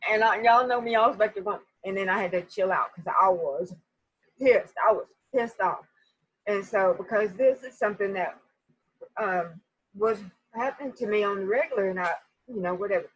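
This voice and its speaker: A woman telling a personal story to her viewers in a casual, animated way, often speaking to them directly. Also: medium pitch, moderate pace, husky, no room sound, dull audio. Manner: animated, talks straight to viewers.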